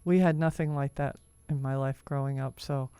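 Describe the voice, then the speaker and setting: A woman with a very low, smooth, resonant voice, co-hosting a casual conversation. She speaks gently and encouragingly and often murmurs agreement. The sound is dry and close. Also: fairly even intonation, moderate pace, no room sound. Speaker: co-host.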